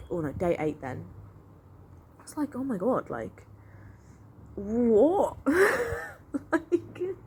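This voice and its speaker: A young vlogger with a fairly low, gravelly voice rambles through a long personal story, casual and animated, packed with fillers and "I was like." Faint background noise sits under the recording.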